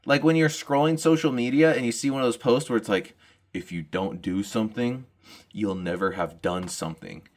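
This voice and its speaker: A young man with hiccups, a comedian vlogger, delivers a rambling, self-deprecating comic monologue and laughs at his own jokes. His mid-range voice moves at a moderate pace.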